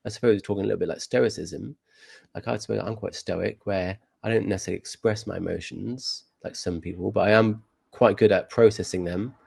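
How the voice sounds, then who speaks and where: A young man speaking as a podcast guest, reflective and measured, hedging his points in casual conversation. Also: fairly low pitch, fairly even intonation, vocal fry, darkish tone, husky, no echo. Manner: reflective, measured, with many hedges.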